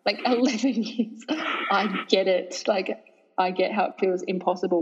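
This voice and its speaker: An Australian woman fitness trainer speaks energetically and with emphasis in a podcast interview. Her voice is a little husky. The sound is dull and lo-fi, with a long reverb trailing behind it. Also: mid-range voice, measured pace. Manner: energetic, emphatic, laughs easily.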